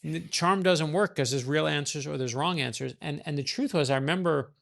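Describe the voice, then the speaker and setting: Gravelly man telling a lively story. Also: fairly high pitch. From New York. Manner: animated, fast-talking storyteller, acts out quoted lines. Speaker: author guest. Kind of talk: conversational storytelling.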